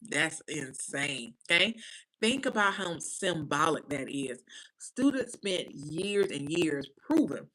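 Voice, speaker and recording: A woman's voice: low-pitched, slow pace, poor audio. A woman giving casual commentary to camera, emphatic and repetitive, punctuating her points with "right?" and "okay?". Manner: animated, preacher-like cadence. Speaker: commentary vlogger.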